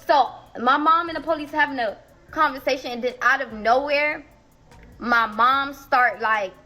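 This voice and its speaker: A woman's voice: high-pitched, normal speed, bright, forceful tone, rough recording. A young woman telling a dramatic personal story in a casual vlog, emotional and repetitive, speaking straight to her viewers.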